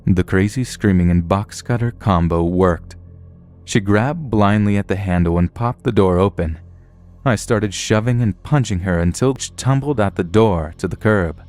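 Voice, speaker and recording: A man giving a scripted narration of a true horror story in a calm, matter-of-fact way. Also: lowish voice, normal speed.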